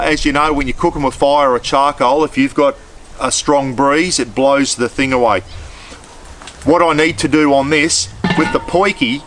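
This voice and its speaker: A man's voice: medium pitch, a bit bright, slight background noise. An Australian man chatting casually while cooking outdoors in his backyard, laid-back and with mild swearing. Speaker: cooking vlogger.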